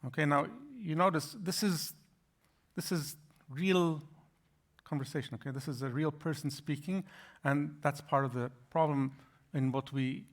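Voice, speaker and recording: Halting male lecturer explaining slides. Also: on the high side. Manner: explanatory, halting with frequent restarts. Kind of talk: academic lecture.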